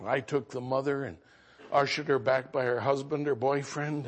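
A man pastor preaching a sermon as a story, swinging between loud exclamations and hushed earnest passages. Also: medium pitch, steady tone, moderate pace.

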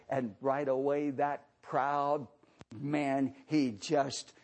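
A man preaching a revival sermon who swings between fervent shouted highs and low, hushed passages. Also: little pitch movement, takes it slowly.

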